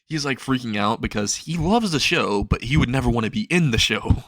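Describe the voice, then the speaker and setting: A man's voice: medium pitch, expressive, brisk, fairly bright tone, no echo. A young man casually narrating a fan story in a rambling way with laughing asides.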